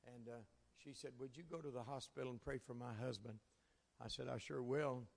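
Brisk and mid-range with vocal fry, a man delivers a sermon full of folksy, chuckle-filled stories from his ministry. The setting is a church sanctuary, and the sound has a large hall's lingering reverb.

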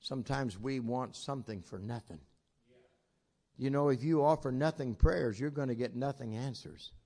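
An older man with grandchildren preaching a sermon, telling folksy stories and swinging from loud exclamations to quiet asides. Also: mid-range voice, normal speed. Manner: folksy storytelling with plain southern-style grammar.

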